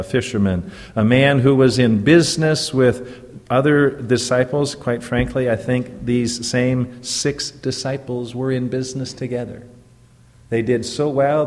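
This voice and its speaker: Slow-preaching pastor in a reverberant hall. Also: male voice, mid-range voice, a little mellow. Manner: slow, deliberate preaching with emphatic rises. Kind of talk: sermon. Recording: long reverb of a church hall.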